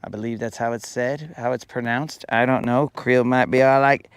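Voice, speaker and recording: A man's voice: mid-range voice, fairly even intonation, normal speed, clean tone, dry recording. A man hosting a live fishing stream from a boat on a lake, joking around and teasing his chat viewers with mock-dramatic complaints. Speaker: fishing livestream host. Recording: outdoor live stream with faint boat and water noise.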